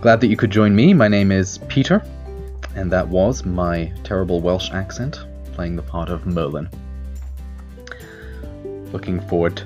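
A man hosting a podcast, speaking in a friendly, unhurried way as he introduces a gamebook reading. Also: sits low, darkish tone, lo-fi sound, faint music behind. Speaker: podcast host and reader.

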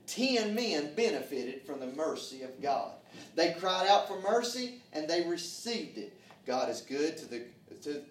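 A man's voice: medium pitch, reverberant, distant mic, a little hiss or hum. A man preaching a sermon in a church, fervent and folksy, calling out to the congregation for answers. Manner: fervent preaching with call-and-response, folksy grammar. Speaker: pastor. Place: church sanctuary.

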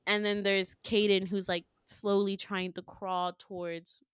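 A woman's voice: medium pitch, level tone, measured pace, clear, resonant tone, no room sound, clean studio sound. A young woman hosting a podcast, telling a story in a rambling casual way, full of filler words. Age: young adult. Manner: rambling, heavy on fillers like "like", laughs often. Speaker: podcast host.

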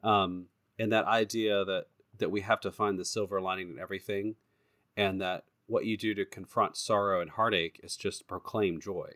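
A man co-hosting a faith podcast, speaking reflectively and haltingly about his personal experiences. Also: sits low, fairly even intonation, a bit bright, no room sound. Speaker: podcast co-host.

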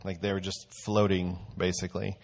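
Low-voiced man giving a casual sermon. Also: flat delivery, a little fast. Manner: conversational, storytelling. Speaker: church teacher.

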